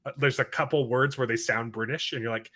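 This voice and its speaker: A man with a middle-pitched voice talks in a loose, sarcastic way, brushing things off and now and then sliding into mocking voices. He sounds like the host of a casual chat show. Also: steady tone, brisk, sharp tone. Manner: sarcastic, dismissive, mocks scenes in put-on voices.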